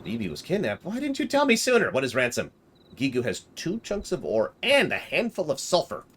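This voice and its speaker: A man putting on the voice of a fussy, excitable little male miner who speaks of himself in the third person and takes offense easily. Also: on the high side, a little fast, breathy edge, voice pushed up, full character voice. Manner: talks of himself in the third person, prim and indignant.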